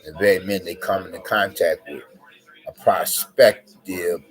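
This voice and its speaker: A man with a low voice rants to camera in a loose, rambling way. He circles back on himself with constant fillers and profanity. Faint music plays behind him. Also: steady tone, normal speed, low-quality recording. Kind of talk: casual rant to camera.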